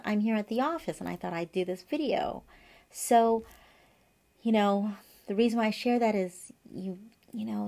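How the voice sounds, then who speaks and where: In a mid-range, slightly mellow voice, a woman in her 40s, an acupuncturist by trade, talks to camera from her office. It's a casual advice monologue in which she tells a meandering personal story, chatty and full of fillers and tangents.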